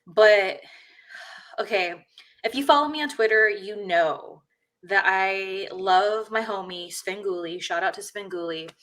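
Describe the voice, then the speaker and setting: A woman's voice: mid-range voice, unhurried, a bit bright. Blunt, rambling woman podcast host. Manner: blunt, rambling, many fillers. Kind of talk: casual opinionated chat.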